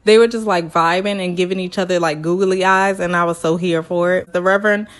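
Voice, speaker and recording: A woman's voice: lowish voice, fairly even intonation, a little fast. A woman chatting through a reality TV episode recap, acting out what the people on screen said in other voices. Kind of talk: casual recap vlog.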